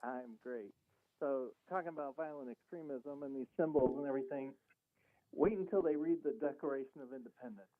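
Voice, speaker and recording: Over a tinny phone line, a man calls a talk radio show and argues his point earnestly, acting out conversations he had. His voice is medium-pitched and brisk, with no room sound.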